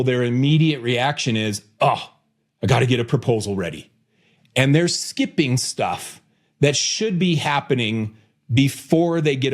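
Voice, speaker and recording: Jokey male podcast host, mid-pitched. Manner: jokey and energetic, speeding up when excited. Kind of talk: casual podcast chat.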